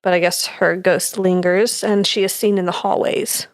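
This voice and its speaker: A woman's voice: medium pitch, little pitch movement, normal speed, no echo, clean studio sound. Chatty woman reading ghost notes. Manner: reads from notes with fillers, laughs easily. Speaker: podcast co-host presenting research. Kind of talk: casual chat.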